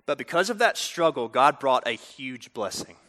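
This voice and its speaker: A man preaching a storytelling sermon, talking directly to the audience in an animated way. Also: mid-range voice, normal speed. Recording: reverberant hall.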